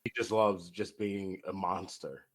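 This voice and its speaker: A young man co-hosting a casual podcast chat, relaxed and agreeable, often chiming in with short reactions. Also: low-pitched, measured pace. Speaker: podcast co-host.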